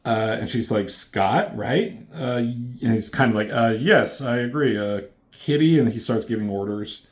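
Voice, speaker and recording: Speaking at a medium pitch and an unhurried pace, a man casually recaps and reviews a comic book. He's loose and profane, and he reads the characters' lines in a slightly raised voice.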